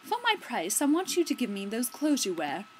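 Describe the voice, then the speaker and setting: A woman's voice: fairly high pitch, sing-song, normal speed, a little hiss or hum, rough recording. A woman voicing a bold young outlaw hero. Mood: bargaining.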